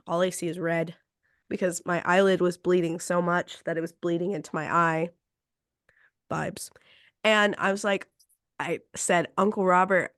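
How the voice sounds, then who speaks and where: A woman's voice: fairly low pitch, no room sound, studio quality. A woman podcast host casually telling a story, acting out quotes and laughing between lines.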